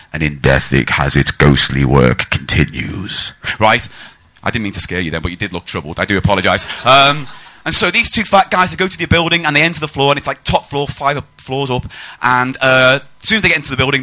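Animated male stand-up comic. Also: mid-range voice. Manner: animated, storytelling, mocking. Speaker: stand-up comedian. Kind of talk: live stand-up comedy set.

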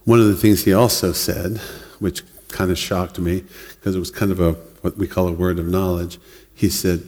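A man preaching a sermon in a relaxed, conversational way, often laughing and acting out other people's words. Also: low voice, measured pace, long pauses. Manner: conversational, laughs often, acts out quoted voices. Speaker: pastor. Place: church hall. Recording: long reverb of a church hall.

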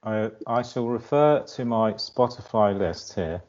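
A man's voice: fairly low pitch, lively intonation, a little slow, a little mellow. A man co-hosting a podcast, with a dry, wry sense of humor. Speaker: podcast co-host. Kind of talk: casual chat. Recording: dull lo-fi sound.

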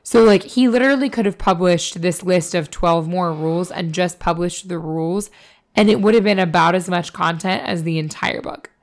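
A woman co-hosting a podcast, hoarse from a cold, talking casually and bluntly with lots of fillers and swearing. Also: lowish voice, moderate pace. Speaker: podcast co-host. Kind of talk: casual chat.

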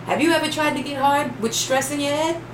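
A woman co-hosting a casual chat, blunt and laughing often, with sudden loud bursts. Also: high-pitched, a little fast. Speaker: podcast co-host. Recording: roomy echo, distant mic, noisy background.

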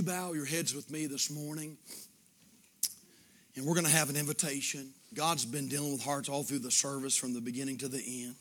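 A man pastor, preaching a sermon that swings from shouted fervor to hushed pleading in an altar call. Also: mid-range voice, steady tone, normal speed.

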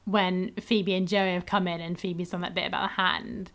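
A woman's voice: on the low side, little pitch movement, fairly bright tone. Agreeable woman co-host. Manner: agreeable, quick backchannel, laughs along. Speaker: podcast co-host. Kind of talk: casual chat.

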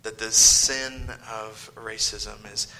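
A man preaching a sermon as pastor, swinging from loud emphasis to hushed whispered lines and firing off mocking rhetorical questions. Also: on the low side, steady tone, takes it slowly, poor audio.

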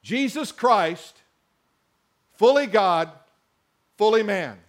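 A man's voice: high-pitched, animated, drawn-out words. A man preaching a sermon, reading scripture and mixing in conversational asides and questions to the congregation. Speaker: pastor.

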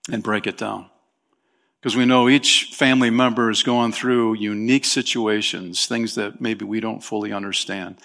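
A man's voice: fairly low pitch, gravelly, a bit bright. A man preaching a sermon as pastor of his church, talking in a conversational way with small fillers and emphatic rises.

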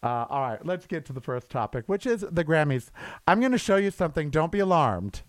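Man in his sixties, podcast host, campy chatty monologue, slightly high voice, dry close sound. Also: sing-song, a little fast, no echo. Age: 60s. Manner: chatty, campy, laughs at own stories. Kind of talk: casual solo podcast monologue.

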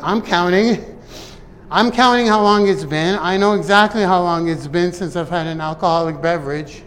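A man giving an earnest, emotional motivational talk to his viewers, often speaking to himself as if to a friend. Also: sits high. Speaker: vlogger. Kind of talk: personal motivational talk to camera. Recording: long reverb and faint ambient noise.

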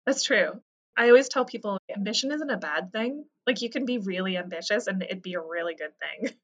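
A woman's voice: medium pitch, animated, a little fast, a bit bright, poor audio. Upbeat woman host asking questions. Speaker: interviewer. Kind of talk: interview hosting.

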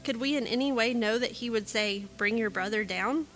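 A woman reading the lines of a group of anxious grown brothers defending themselves, in a measured way. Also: fairly high pitch, fairly bright tone. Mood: pleading.

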